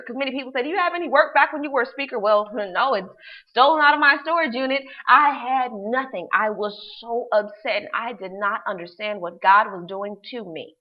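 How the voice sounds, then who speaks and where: A woman's voice: on the high side, lo-fi sound. A woman life coach telling a personal story to her class in a casual, emphatic way, repeating words for stress and using slang.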